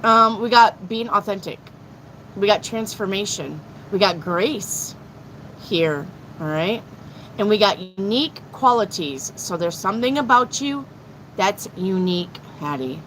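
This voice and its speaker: A middle-aged woman runs a live tarot reading. She is blunt and excitable and swears freely, with a voice at an ordinary pitch. Faint background noise sits under her voice. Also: a little slow, poor audio. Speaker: tarot reader.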